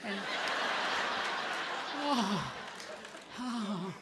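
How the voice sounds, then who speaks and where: A man doing an excitable, profane stand-up set on a large theatre stage, riffing on the crowd. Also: high-pitched, drawn-out words, heavy background noise. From Canada. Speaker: stand-up comedian. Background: audience laughter.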